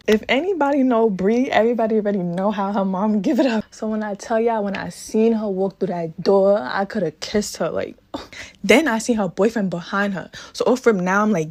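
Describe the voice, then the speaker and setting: A woman's voice: mid-range voice, moderate pace, darkish tone. Young woman, casual storytime, dramatic and slangy, acts out every quote. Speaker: braider telling a storytime.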